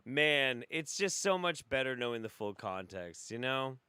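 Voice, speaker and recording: A man's voice: medium pitch, big pitch swings, measured pace, pushed and bright, clear, resonant tone, dry recording, studio quality. A man hosting a reaction commentary show, swearing freely and breaking into incredulous laughter. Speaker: host.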